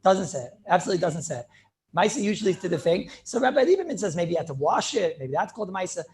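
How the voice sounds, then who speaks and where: A man's voice: sits high, big pitch swings, racing, darkish tone. A middle-aged man teaching an informal Talmud class, talking in a conversational, repetitive way and dropping in Hebrew and Yiddish terms. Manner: conversational, repeats himself, peppers speech with Hebrew and Yiddish terms. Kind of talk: informal yeshiva shiur with student questions.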